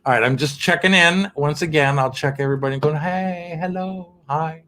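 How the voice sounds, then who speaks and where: A man's voice: fairly high pitch, fast, bright, forceful tone, a little hiss or hum. A man hosting an online cabaret show from his piano, chatting with viewers between songs in a campy, cheeky way and laughing often. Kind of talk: chatty live-stream banter between songs.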